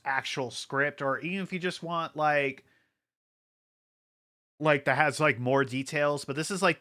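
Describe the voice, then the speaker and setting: A man's voice: medium pitch, bright, forceful tone. A man streaming casually, rambling with lots of fillers and frequent laughter, hyped up from an energy drink. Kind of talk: casual livestream chat.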